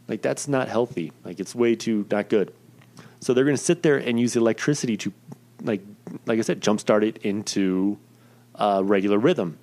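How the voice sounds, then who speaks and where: A man's voice: lowish voice, moderate pace, darkish tone. A young man casually telling a personal story in a rambling, profane, self-deprecating way.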